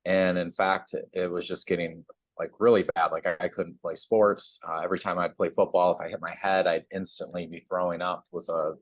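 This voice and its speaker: A chiropractor appears as a guest on a sponsored TV segment, speaking in a low, brisk voice on a dry recording. He chats casually as an animated storyteller, acting out the voices and quotes in his own tale.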